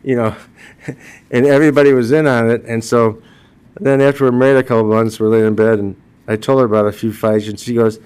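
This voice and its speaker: An older man, mid-pitched, speaks at a funeral and remembers his wife. He tells funny personal stories and laughs at his own jokes. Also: flat delivery, fast, darkish tone, smooth. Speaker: widower giving a eulogy. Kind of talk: funeral eulogy told as personal anecdotes.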